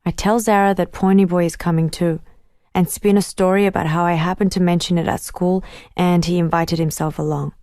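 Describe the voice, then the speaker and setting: Low, mellow woman narrating. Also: steady tone, dry recording, clean studio sound. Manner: measured, inward storytelling. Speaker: audiobook narrator. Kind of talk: first-person audiobook narration.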